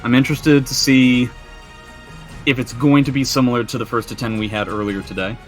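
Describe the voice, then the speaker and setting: A man's voice: medium pitch, steady tone, fairly quick. A young man giving analytical play-by-play commentary on a fighting game match, with self-mocking banter. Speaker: esports commentator. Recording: faint music underneath.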